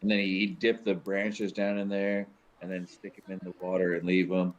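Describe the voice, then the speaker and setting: A man's voice: deep voice, level tone, normal speed. A man telling laid-back, profane stories in a casual chat. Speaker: podcast co-host. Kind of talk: casual storytelling. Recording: dull lo-fi sound.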